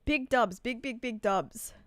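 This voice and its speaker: A woman with a slightly high, slightly slow voice chats casually on a live stream, reading viewer messages aloud and answering them. She's a streamer reacting to a manga chapter, and the studio audio is clean with no echo.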